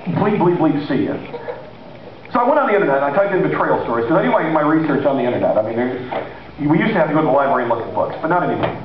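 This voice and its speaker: A man preaching a sermon in a conversational, animated way, acting out the people he quotes. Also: on the high side, very fast, background noise. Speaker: pastor. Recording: echoey hall, distant mic, lo-fi.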